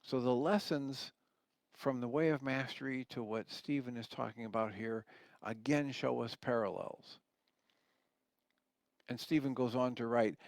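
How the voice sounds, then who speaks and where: An earnest man in a radio teaching talk reads passages aloud and explains them patiently. His voice sits at an ordinary middle pitch. The recording is dry, with no room sound around it. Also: measured pace, long pauses, dry recording. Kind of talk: radio teaching talk, reading and commenting on a book.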